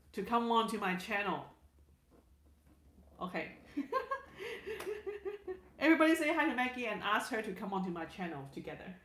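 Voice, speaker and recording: A woman's voice: fairly high pitch, fairly bright tone, roomy sound. A woman hosting a casual livestream, reading viewer comments aloud in a chatty way, repeating words and restarting sentences. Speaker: livestream host.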